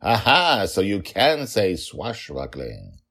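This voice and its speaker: Frustrated dad figure, loud and pushy, man doing it. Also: lowish voice, wildly swooping pitch, moderate pace, voice pushed up, full character voice. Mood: taunting. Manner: exasperated, loud, insistent. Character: hot-tempered pirate dragon father.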